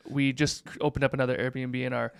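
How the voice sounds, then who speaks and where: A man in his thirties, a pastor, telling a story in a relaxed chat with plenty of fillers. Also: medium pitch, a little fast, vocal fry, smooth, dry recording, clean studio sound. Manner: animated storyteller, many fillers. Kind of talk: casual podcast storytelling.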